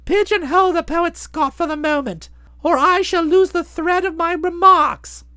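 A woman voicing a chatty, self-satisfied young gentleman in a bouncy, wordy way. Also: very high-pitched, moderate pace, no echo, studio quality. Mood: breezy. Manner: bouncy, wordy, fond of flowery phrases. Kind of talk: audiobook drama, narrating and voicing the hero.

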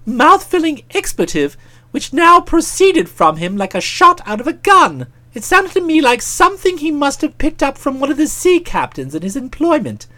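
A woman narrating a comic audiobook in a brisk, expressive storytelling manner. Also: high-pitched.

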